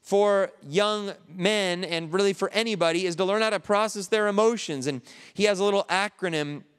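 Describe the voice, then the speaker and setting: Grieving male pastor, earnest conversational sermon, slightly high clear voice, church hall reverb. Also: moderate pace, a bit bright. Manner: earnest, conversational preaching with restarts.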